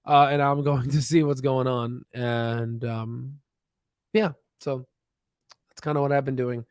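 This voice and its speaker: A man's voice: mid-range voice, steady tone, measured pace, smooth, no room sound, clean studio sound. A man hosting a stock channel, chatting casually and rambling with many fillers and restarts, laughing at himself. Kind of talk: casual livestream chat. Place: home desk with screen share.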